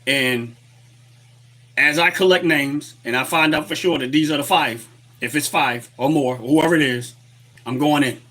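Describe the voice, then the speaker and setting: A man's voice: on the high side, a little slow, a bit bright. A man hosting a political livestream, talking in a heated, repetitive rant and greeting chat viewers. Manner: fired-up, repetitive, reads chat aloud. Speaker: livestream host. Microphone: webcam setup at desk.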